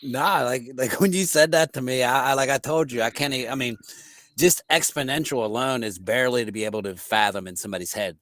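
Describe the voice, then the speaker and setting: A man's voice: medium pitch, fairly quick, fairly bright tone, no echo. Male podcast co-host, casual and filler-heavy, dry recording. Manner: loose, informal, lots of "like".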